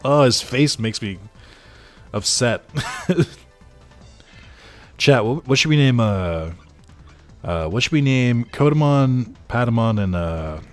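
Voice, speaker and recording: A young man talking casually through a game stream, joking with his chat and trailing off into fillers. His voice sits a little low. Faint game music plays underneath. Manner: chatty, joking, talks to chat, frequent fillers. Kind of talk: casual livestream commentary.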